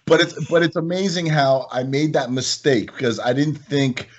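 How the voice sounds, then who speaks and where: A middle-aged man, a supplement company owner, telling animated stories in a casual chat and acting out his customers' lines. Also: a little high, normal speed, muffled recording.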